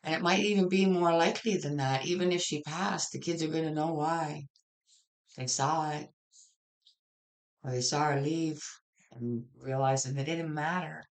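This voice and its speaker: A tarot reader delivers a general reading in a loose, conversational way. The talk is plain-spoken and blunt, with casual cursing and sentences that restart and wander. The voice sits at an ordinary middle pitch. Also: steady tone, moderate pace. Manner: blunt, frank, swears casually; rambling with frequent restarts.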